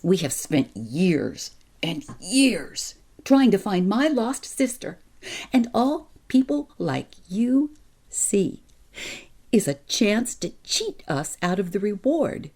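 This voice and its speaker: A woman's voice: sits low, very animated, slow pace, dark tone, full character voice. A woman voicing an angry, shaken young woman who speaks bitterly and pleadingly in a spoken story.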